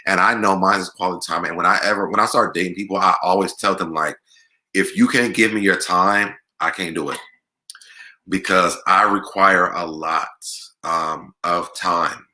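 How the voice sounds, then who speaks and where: A man's voice: sits low, steady tone, moderate pace, bright, forceful tone. A young man hosting a livestream, reading viewer comments aloud and answering them in a chatty, laughing way. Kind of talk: casual chat.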